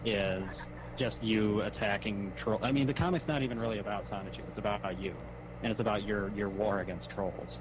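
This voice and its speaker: A man's voice: lowish voice, fairly even intonation, a little fast, background noise. A man on a recorded call, patiently asking probing questions. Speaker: caller. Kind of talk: recorded phone-call conversation.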